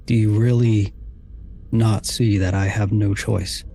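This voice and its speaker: A man voicing a grave older male military commander who speaks in a measured, solemn way. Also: on the low side, steady tone, mellow.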